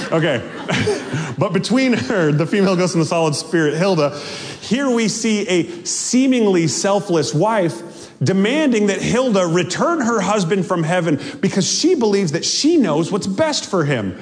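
A male pastor preaching a sermon in an animated, joking way, laughing often, in a church sanctuary. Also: high voice. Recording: long hall reverb.

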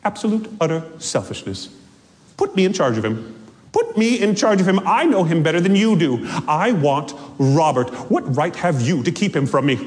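A possessive, bitter woman ghost, voiced by a man who rants and demands. The voice sits high and swings widely in pitch. It rings out with a long hall reverb. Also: huge pitch swings, normal speed, a little mellow. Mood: indignant rant. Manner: ranting, demanding.

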